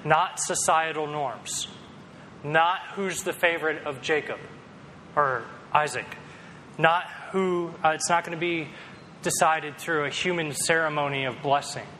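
A man's voice: on the high side, fairly even intonation, measured pace, pushed and bright, big-room sound, slight background noise, low-quality recording. A man preaching a sermon in a conversational, storytelling way, with self-deprecating humor. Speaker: pastor.

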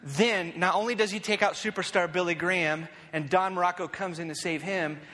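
High bright-voiced man preaching in a hall. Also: fairly quick. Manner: storytelling, animated, self-deprecating, frequent "right?" asides. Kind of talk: sermon opening with a personal story.

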